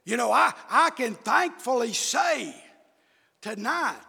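A male preacher who preaches in bursts, shouting his emphatic lines, with many "uh" fillers. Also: extremely high pitch, very animated, takes it slowly, vocal fry, slightly rough. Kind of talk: fiery sermon. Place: church. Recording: echoey hall with long reverb.

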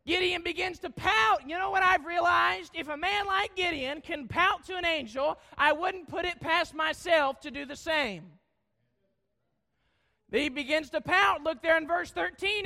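A man preaching a sermon with fervor, often shouting, with frequent "uh" fillers, reading scripture slowly and solemnly. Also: extremely high pitch, gravelly.

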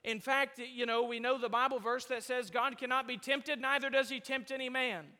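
A man's voice: extremely high pitch, fairly even intonation, normal speed, pushed and bright. A man preaching a sermon to a congregation, emphatic and rising and falling in volume, heard in a church hall. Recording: long hall reverb.

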